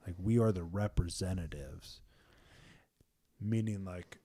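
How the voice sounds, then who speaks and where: A man with a fairly low voice talks through faith in loose, casual podcast chat. He is animated and peppered with "man" and "like", and now and then drops into a hushed, intense tone. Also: measured pace, breathy edge. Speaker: podcast host.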